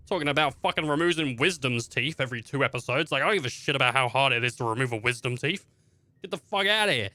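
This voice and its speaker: A young man streams a game and fills the time with profane, rambling comic rants. He acts out everyday characters along the way. His voice is bright and forceful, close and dry, with no room around it. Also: mid-range voice, fast talker, dry recording. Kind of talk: casual gameplay commentary.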